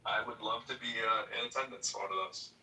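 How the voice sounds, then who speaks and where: A man hosting a casual chat, who talks haltingly and repeats his words. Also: lowish voice, fairly even intonation, sharp tone. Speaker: room host. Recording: echoey, from a distance.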